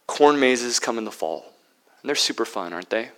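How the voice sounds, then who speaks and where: A man preaching a sermon as pastor, swinging between loud emphatic peaks and hushed, near-whispered lines. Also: mid-range voice, animated, moderate pace, low-quality recording.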